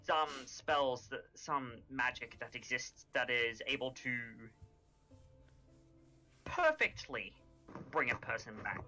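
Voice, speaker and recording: A man playing his character at a tabletop game, explaining slowly and deliberately with stumbling restarts. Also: medium pitch, sing-song, sharp tone, soft background music, low-quality recording. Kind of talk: in-character tabletop role-play.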